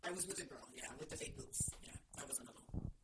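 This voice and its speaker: A woman, co-hosting a podcast in casual chat and telling blunt, swear-filled stories. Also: fast. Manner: swears a lot, blunt storyteller. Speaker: podcast co-host. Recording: noisy podcast recording.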